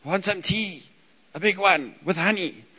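A man's voice: sits high, moderate pace, bright, forceful tone, slightly rough, pitched above the performer's own voice, exaggerated voice. A man voicing his insistent three-year-old son who keeps demanding tea in a whiny, repetitive way. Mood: pleading demand.

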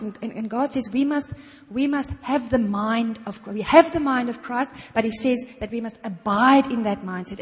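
Middle-aged lady preaching, chatty, lots of "you know", fairly high voice, big hall echo. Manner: conversational, peppered with "you know", acts out little prayers. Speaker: guest preacher. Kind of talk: sermon. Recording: long reverb of a hall.

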